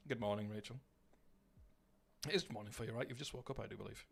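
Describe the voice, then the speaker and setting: A man's voice: lowish voice, quick pace, creaky, slight background noise. A man chatting casually to his live-stream audience while gaming, rambling, swearing and greeting viewers by name.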